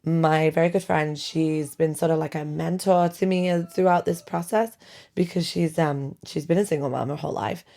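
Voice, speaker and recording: A woman's voice: low voice, steady tone, moderate pace, gravelly, warm tone. A middle-aged woman hosting a casual podcast from her bedroom, chatty and self-deprecating, laughing often. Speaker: podcast host. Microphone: home podcast mic.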